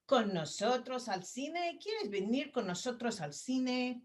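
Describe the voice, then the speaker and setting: A woman teaching a grammar lesson, explaining patiently and saying example phrases slowly for students to repeat. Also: on the high side, very animated. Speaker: Spanish teacher.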